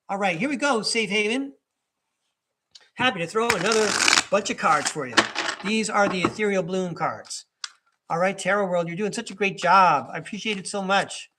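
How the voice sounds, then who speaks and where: Over background noise, a high-pitched man hosts a live tarot reading for his chat at a moderate pace. The tarot reader and podcast host wanders through asides, chuckling softly between thoughts.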